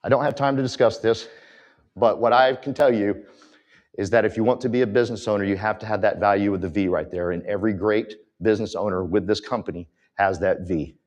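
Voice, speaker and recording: A man's voice: lowish voice, fairly even intonation, a little fast, darkish tone. A man giving a motivational talk from a conference stage, emphatic and direct with the audience. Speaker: conference speaker.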